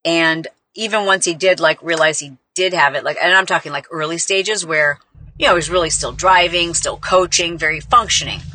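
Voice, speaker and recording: Woman podcast host, lowish, bright forceful voice, dry sound, rambling heartfelt storytelling. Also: moderate pace, a little hiss or hum. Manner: heartfelt, rambling, heavy use of "like". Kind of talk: casual personal storytelling.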